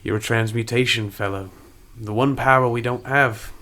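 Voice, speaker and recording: A man doing a mellow koala alchemist with a folksy, put-on Australian drawl, a calm, unhurried hermit in a tabletop game. His voice sits in an ordinary middle pitch and he talks in easy, plain sentences. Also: close to an everyday voice. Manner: laid-back, folksy, breaks off to laugh. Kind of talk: tabletop role-play.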